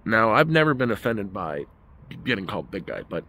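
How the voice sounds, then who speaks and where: A man's voice: lowish voice, big pitch swings, brisk, bright, forceful tone, slight background noise. A man telling a story as a casual rant in a vlog, emphatic and heated. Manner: ranting, emphatic. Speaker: vlogger.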